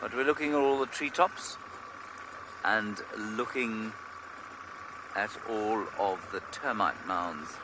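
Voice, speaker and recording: Out in the bush on an open vehicle, a guide explains wildlife during a live game drive with dry humor. He speaks slowly in a lowish voice, leaving long pauses, with plenty of background noise.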